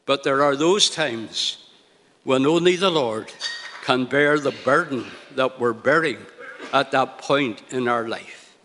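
A man preaching a sermon in a slow, deliberate, emphatic way. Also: mid-range voice, fairly bright tone, long reverb tail, slight background noise.

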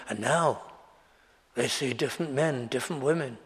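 A man preaching a sermon to a congregation in a measured, earnest way that rises to fervent emphasis. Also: medium pitch. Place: church before a congregation. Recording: long reverb of a large church hall.

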